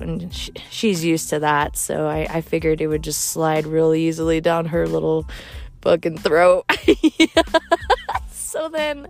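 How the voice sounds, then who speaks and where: A brash, profane woman, drawling through a gossipy story at an unhurried pace and breaking into laughter often. Faint music plays behind her. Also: on the low side. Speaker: storyteller vlogger. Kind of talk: casual storytelling monologue.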